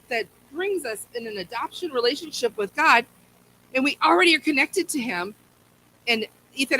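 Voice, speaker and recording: A woman's voice: sits high, pushed and bright, slight background noise, rough recording. A woman teaching a Bible lesson at a church, talking conversationally and often repeating words as she restarts.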